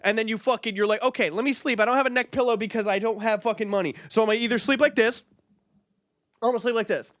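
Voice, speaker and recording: Young guy w a really high voice ranting and swearing, dry close mic. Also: fairly even intonation, quick pace, fairly bright tone, no room sound. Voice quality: profane, exasperated ranting. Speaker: radio show co-host. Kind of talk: comedic rant.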